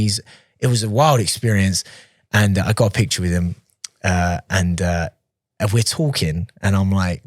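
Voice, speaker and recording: Chatty low-voiced man telling stories. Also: no echo, clean studio sound. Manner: chatty, restarts sentences, laughs easily. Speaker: podcast guest, professional fighter. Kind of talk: casual storytelling in an interview.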